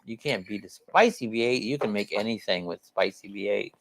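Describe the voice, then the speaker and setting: Gravelly plainspoken man chatting. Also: on the low side, brisk, fairly bright tone. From Florida, United States. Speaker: co-host of a live chat show. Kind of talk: casual live-stream chat.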